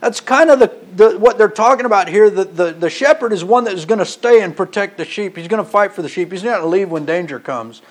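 A man's voice: sits high, lively intonation, quick pace, few pauses. A male preacher giving a sermon, telling stories and reading scripture aloud. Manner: storytelling, reads scripture aloud.

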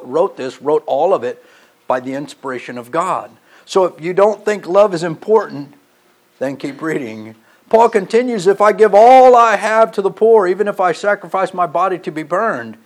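Male preacher, pitch a touch above average, sermon delivery with emphatic swells and hushed drops. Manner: storytelling, rising to emphatic passages then dropping quiet.

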